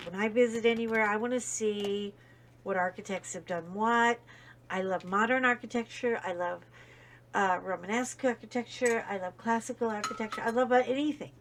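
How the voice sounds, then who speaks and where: Chatty woman host, casual storytelling with lively swings. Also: mid-range voice, slight background noise. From United States. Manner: chatty storyteller, animated, wandering asides. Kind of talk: casual chat while coloring.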